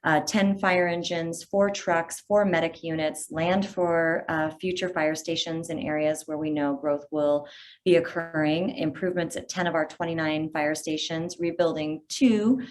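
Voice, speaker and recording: A woman fire chief giving a brisk, informative update to a virtual community meeting over a video call. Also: sits low, steady tone, slight background noise.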